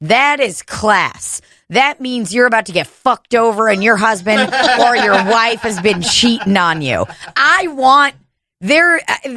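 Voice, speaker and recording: A woman's voice: mid-range voice, pushed and bright. A woman co-hosting a comedy podcast, rambling crudely and laughing often. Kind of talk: casual comedic chat. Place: home room podcast setup.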